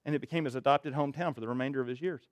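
A man preaching a sermon in church, reading scripture and commenting in an emphatic, conversational way, dropping low and quiet to stress a point. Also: racing, dry recording. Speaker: pastor.

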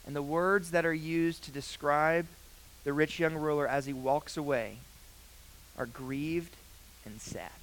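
Earnest young preacher, loud then hushed. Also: male voice, fairly high pitch, fairly even intonation, measured pace, a little hiss or hum, rough recording. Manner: earnest, swings from loud emphasis to quiet hushed lines. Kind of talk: sermon.

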